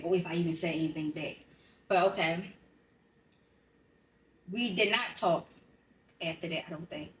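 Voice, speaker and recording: A woman on a podcast, telling a painful story in a blunt, profane, emotionally raw way. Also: on the low side. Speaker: podcast co-host. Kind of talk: candid personal conversation. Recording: roomy sound, distant from the mic.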